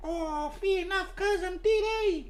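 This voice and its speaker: A man doing a high, squeaky impression of a jovial burly fighter with a put-on New Zealand accent, ending lines with "eh?". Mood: goofy, mock-dying. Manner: high, squeaky, drawn-out "eh?" tags. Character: jovial burly male heavyweight fighter dying comically.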